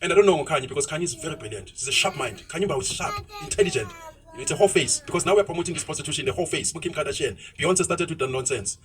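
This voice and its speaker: Fast-talking, high-voiced South African man. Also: very animated, far from the mic, a little hiss or hum, rough recording. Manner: blunt, ranting, switches into isiZulu phrases. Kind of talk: opinionated podcast talk.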